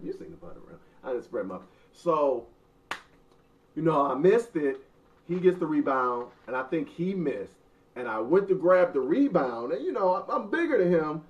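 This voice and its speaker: Animated man telling a funny story. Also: on the high side, far from the mic. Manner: animated, joking, mock-dramatic. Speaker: host. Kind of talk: casual storytelling. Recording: muffled sound from off mic.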